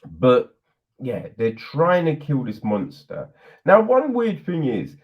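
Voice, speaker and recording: A man chats through a film review on his podcast with a lively, swooping voice, slow and drawn out. He laughs often and slips into mocking put-on voices for the characters. The audio is dull and lo-fi. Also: mid-range voice. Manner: animated, laughing, acts out quotes in put-on voices. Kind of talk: casual spoken film review.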